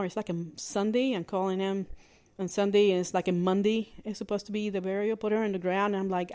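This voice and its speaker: Woman, podcast host, personal storytelling, plainspoken, halting restarts, middle pitch. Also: fairly even intonation, darkish tone. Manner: halting, conversational, frequent restarts and fillers; candid and plainspoken, with mild swearing.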